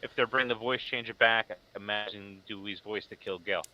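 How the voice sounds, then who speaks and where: A man's voice: on the low side, steady tone, brisk, sharp tone, highs cut off. A man co-hosting a casual podcast chat, talking emphatically and explaining his points at length. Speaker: podcast co-host. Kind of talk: casual horror movie chat.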